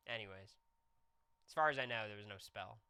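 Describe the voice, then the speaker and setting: Bright-voiced young man telling a story. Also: lowish voice, brisk, clean tone. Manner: animated storytelling, jokey. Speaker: streamer. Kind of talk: casual chat with viewers.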